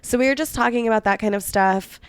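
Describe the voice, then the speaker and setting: Casting note: woman podcast co-host, hoarse and fading, smooth but dry close-mic sound, chatty and indignant. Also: on the high side, fast talker, dry recording. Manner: chatty, many "like" fillers, indignant asides. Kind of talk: casual chat, telling history.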